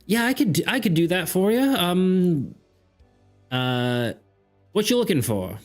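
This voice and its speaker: A friendly, flustered woman wood carver, as a man puts her on for a tabletop game. Her voice sits well above his own, with a wavering accent that never settles. She stumbles through ums and halting replies, with faint music behind. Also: high voice, big pitch swings, a little mellow, voice pushed up, heavily acted. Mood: eager. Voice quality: wavering, shifting put-on accent. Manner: hesitant, full of ums.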